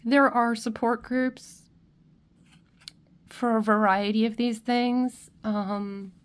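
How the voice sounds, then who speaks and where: A woman giving a spiritual tarot reading to her viewers. She is tearful and emotional, and she speaks gently with many restarts and soft check-ins. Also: a little high, steady tone, takes it slowly, clean tone. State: tearful, crying at times. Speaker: tarot reader.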